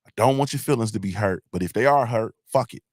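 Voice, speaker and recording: His voice on the low side and his delivery fast, this male host runs a live morning show with casual motivational livestream talk. The studio sound is clean with no echo, and he's blunt, emphatic, profane, and repetitive, often checking in with "you feel me?".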